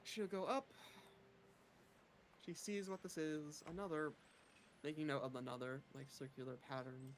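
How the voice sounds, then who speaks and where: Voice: medium pitch, steady tone, normal speed, pauses often, slight background noise. A player describing their character's moves in a chatty, musing way, full of fillers. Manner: chatty, musing, heavy use of "like". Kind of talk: casual tabletop play.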